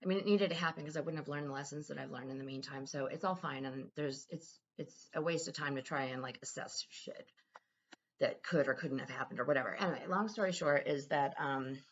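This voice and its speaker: A woman's voice: low voice, a little fast, highs cut off, slight background noise. A woman talking candidly in a casual personal vlog, rambling and swearing freely. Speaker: vlogger.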